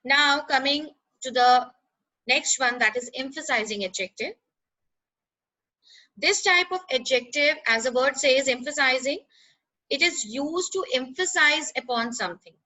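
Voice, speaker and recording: A woman explaining grammar in a lesson, pausing with "uh" and checking in with "right?". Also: high-pitched, sharp tone, low-quality recording. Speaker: teacher.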